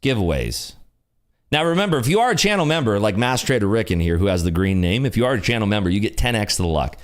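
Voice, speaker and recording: A man's voice: fairly low pitch, sing-song, quick pace. A man hosting a live day-trading stream, chatting in an upbeat, jokey way. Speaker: day-trading livestream host. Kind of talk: casual live commentary.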